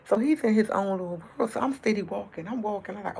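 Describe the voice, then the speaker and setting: A woman telling a rambling story to her livestream audience, talking fast and jumping from point to point. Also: medium pitch, creaky, a little hiss or hum. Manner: fast, rambling talk that jumps around; chatty and animated when retelling events. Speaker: livestream host. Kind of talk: casual storytelling to a live audience.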